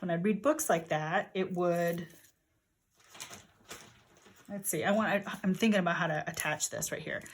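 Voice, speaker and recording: An older woman chatting loosely while she crafts, thinking aloud and wandering off topic. Her voice sits a little low. Paper crinkles clearly in the background. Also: normal speed, long pauses, slight background noise. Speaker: journaling vlogger. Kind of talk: casual crafting narration.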